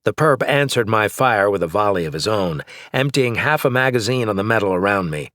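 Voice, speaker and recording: A man narrating an action novel in first person, in a steady, measured way. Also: lowish voice, no echo, clean studio sound. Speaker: audiobook narrator.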